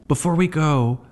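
A man's voice: fairly high pitch, a little mellow, a little hiss or hum. A man hosting a radio interview, asking questions in a curious, friendly way. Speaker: radio host.

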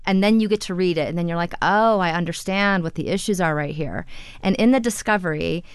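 A woman's voice: fairly low pitch, fairly quick, smooth, dry recording. A woman reporter explaining her story in a conversational radio interview, with frequent "you know" fillers.

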